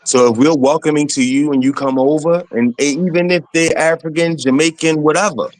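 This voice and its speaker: A man on a livestream panel, arguing his point in an animated way. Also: a little high, fairly quick.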